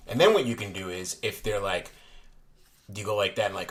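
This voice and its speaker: A man's voice: fairly low pitch, fast talker. A man casually explaining a card trick in a vlog, rambling and correcting himself as he goes. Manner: rambling, self-correcting, chatty. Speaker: playing card reviewer. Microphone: desk camera looking down on hands.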